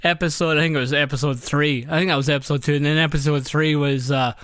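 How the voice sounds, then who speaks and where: A man's voice: on the high side, steady tone, quick pace, a bit bright, clear, resonant tone, no echo, clean studio sound. A man hosting a podcast, telling a story in a casual, exasperated way and repeating phrases as he recounts each step. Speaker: podcast host.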